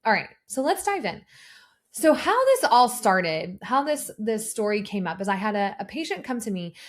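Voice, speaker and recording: A woman in her thirties talks alone into a podcast mic, sharing personal stories in an earnest, unscripted way. Her voice sits at an ordinary middle pitch, and she often pauses on fillers and restarts her sentences as she explains health topics. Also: sing-song. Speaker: podcast host and nurse practitioner. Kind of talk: solo podcast talk.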